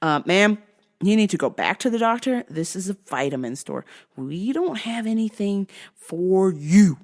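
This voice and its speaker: A woman hosting a vlog, telling stories in an animated, profane and exasperated way. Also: mid-range voice, a little slow. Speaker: host.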